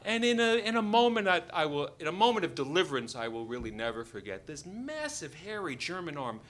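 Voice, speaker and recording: A man's voice: fairly high pitch, fairly quick. A man telling a true story to an audience, joking and acting out the people in it. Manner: animated, joking, acts out the voices of the people in the story. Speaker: doctor telling a personal story. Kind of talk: live storytelling.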